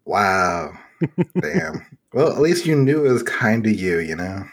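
Husky-voiced guy hosting a gaming podcast, laughs a lot, chatty. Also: fairly low pitch, slow pace. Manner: laughs often, animated asides. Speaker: podcast host. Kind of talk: casual podcast chat.

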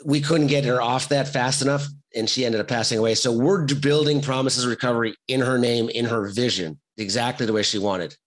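A man's voice: mid-range voice, fairly even intonation, fairly quick, hardly any pauses, low-quality recording. A man who works as a firefighter, a podcast guest telling his stories earnestly and acting out the voices of people he quotes. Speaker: podcast guest, firefighter and recovery center founder. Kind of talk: casual interview storytelling.

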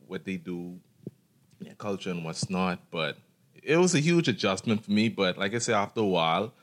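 A young man co-hosting a podcast. He speaks haltingly, with many fillers and restarts. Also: deep voice, lively intonation. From The Bahamas. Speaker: podcast co-host. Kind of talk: casual chat.

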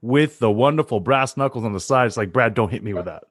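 A man from Canada with a Canadian accent, co-hosting a casual sports and beer chat, animated and quick to laugh. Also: medium pitch, no echo, clean studio sound. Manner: animated, laughs easily, relaxed banter. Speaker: podcast co-host.

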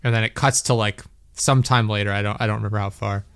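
A man's voice: on the low side, steady tone, fast talker, clean tone, dry recording, studio quality. Rambling, laughing young male podcast host. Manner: rambling, laughing storytelling, lots of "like". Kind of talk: casual chat.

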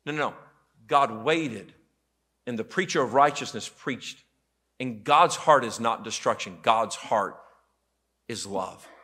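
Man, pastor, sermon, bright voice, lively storytelling, church auditorium. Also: mid-range voice, slow pace, long pauses. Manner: animated storytelling with quoted voices.

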